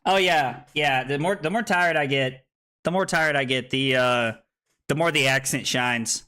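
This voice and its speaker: A man's voice: mid-range voice, unhurried, sharp tone, clear, resonant tone. A tipsy man streaming a card game, joking, laughing and swearing with his chat. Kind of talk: casual livestream chat over a card game. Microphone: streaming microphone.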